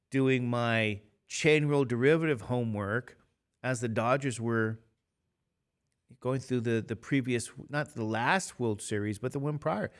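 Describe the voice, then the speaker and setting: A man in his fifties, a math teacher talking casually and rambling to his class between examples. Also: mid-range voice. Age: 50s. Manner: chatty, rambling, jokey asides to students.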